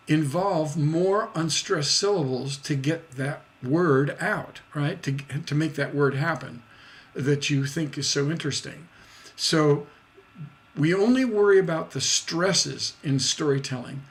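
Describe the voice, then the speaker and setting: A man teaching a songwriting lesson on a livestream, explaining slowly and scatting rhythms and singing short snippets to show his points. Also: on the high side. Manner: scats rhythms and sings snippets to demonstrate; slow, deliberate explaining.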